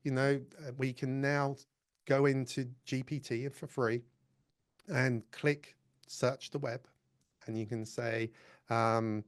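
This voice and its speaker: A man's voice: medium pitch, flat delivery, slow, clear, resonant tone. Chatty man presenting a tech demo. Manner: chatty and apologetic, many fillers. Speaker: conference presenter. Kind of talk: live tech demo talk.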